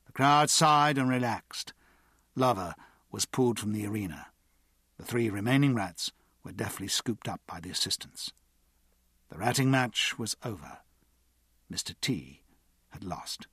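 Husky guy reading a story out loud, lots of ups and downs in his voice, dry close sound. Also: lowish voice, unhurried, pauses often, no room sound. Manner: expressive, dramatic storytelling. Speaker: narrator. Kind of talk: audiobook narration.

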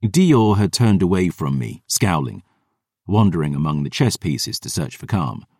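A man reads a first-person audiobook with dramatic, expressive storytelling. His voice is very deep and moves through a wide, animated range. The recording is close and dry with no room sound. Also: measured pace, husky, no echo. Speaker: audiobook narrator.

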